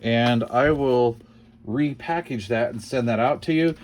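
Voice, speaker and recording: A man's voice: medium pitch, measured pace, slight background noise. Rambling, jokey man unboxing radio cards. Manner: rambling, jokey, reads call signs aloud. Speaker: CB radio hobbyist vlogger. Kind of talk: casual unboxing chat.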